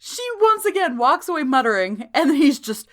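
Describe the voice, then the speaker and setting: Woman co-host, high lively voice, slow wry delivery, casual chat. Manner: wry reactions, laughs often. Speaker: podcast co-host.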